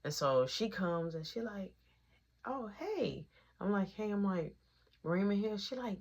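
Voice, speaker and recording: A woman's voice: on the low side, lively intonation, unhurried, darkish tone, husky. A woman casually telling a long personal story in slang, acting out each quoted line of dialogue in its own voice.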